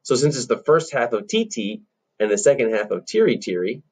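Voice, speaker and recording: A man's voice: medium pitch, big pitch swings, fairly quick, darkish tone, slightly rough. A man teaching children rhythm, upbeat and chanting syllables aloud as he explains. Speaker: music teacher.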